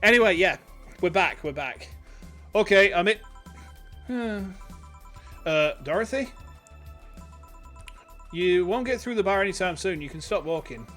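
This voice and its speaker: A man's voice: high voice, expressive, a little slow, long pauses, a bit bright, faint music behind. A man streaming a game in casual chat, joking, swearing and laughing often.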